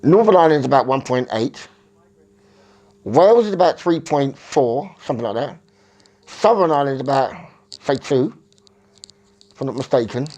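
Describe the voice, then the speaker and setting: A man's voice: mid-range voice, expressive, moderate pace, long pauses, a little mellow. A man from England, talking in a rambling, self-correcting monologue that searches for words. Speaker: vlogger.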